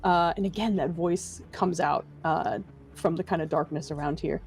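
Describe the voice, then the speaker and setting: A woman's voice: sits low, moderate pace, a little mellow, faint music behind. Laughing woman running a tabletop game. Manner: laughs often, playful. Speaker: dungeon master.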